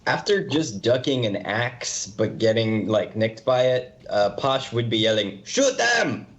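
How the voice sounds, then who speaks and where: A man's voice: fairly low pitch, measured pace. A man playing a tabletop game, joking and blunt with the others. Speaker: tabletop player.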